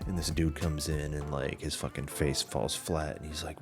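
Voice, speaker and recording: Very deep-voiced man telling a story casually. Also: flat delivery, normal speed, over music. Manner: rambling storytelling with frequent swearing and fillers. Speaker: podcast host. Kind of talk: casual chat.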